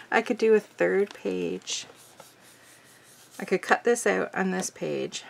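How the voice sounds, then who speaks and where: A woman hosting a crafting video, chatting casually and thinking aloud, bubbly and easily excited. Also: medium pitch, slow, creaky, background noise.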